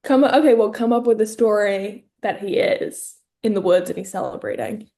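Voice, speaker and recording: A young woman co-hosts a casual comedy podcast and spins absurd tales with playful mock seriousness. Her voice sits at an ordinary middle pitch, and she keeps the chat loose and jokey. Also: moderate pace, dark tone. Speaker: podcast co-host.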